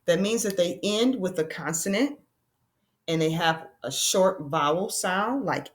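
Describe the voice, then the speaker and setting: With a fairly low voice, a woman teacher leads a lesson for young learners. She is patient and encouraging, calls the children friends, and slows down to spell out sounds.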